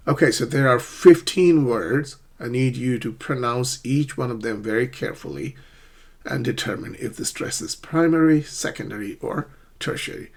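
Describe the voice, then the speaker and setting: A man teaching an online English pronunciation lesson, drilling words slowly and often checking in with the learner. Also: medium pitch.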